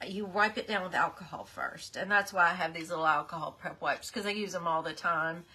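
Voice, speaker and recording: A woman's voice: on the low side, a little fast, bright, forceful tone, breathy edge. A middle-aged woman hosting a casual live craft stream, chatty and apologetic, greeting her viewers by name. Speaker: craft livestream host.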